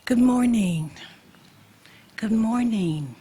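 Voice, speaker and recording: A woman from the United States who serves as an ambassador, giving an emotional memorial speech at a slow, measured pace and repeating key phrases for emphasis. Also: a little high, animated, mellow, husky.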